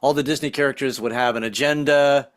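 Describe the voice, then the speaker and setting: A man's voice: medium pitch, fairly even intonation, brisk. A man in his sixties doing a jokey stand-up comedy set over a video call, slipping into silly voices. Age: 60s. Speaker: stand-up comic.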